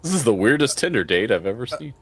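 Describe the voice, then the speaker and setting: A man playing a tabletop game, making jokes and quick quips with friends. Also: medium pitch, heavy background noise. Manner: joking, animated, quick quips. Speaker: player. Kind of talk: casual tabletop game banter.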